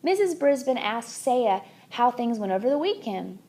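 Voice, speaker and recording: Woman audiobook reader, children's chapter book, lively, slightly high voice. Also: moderate pace. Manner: expressive, animated.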